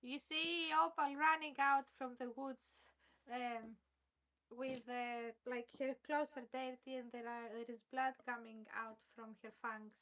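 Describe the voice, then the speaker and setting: A woman speaking into a headset as a player in a tabletop game, soft-spoken and polite. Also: high-pitched, steady tone, unhurried. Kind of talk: casual tabletop game play.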